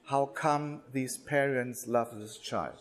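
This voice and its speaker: A man speaking slowly and deliberately at a religious workshop, with pauses, restarts and non-native English phrasing. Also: mid-range voice.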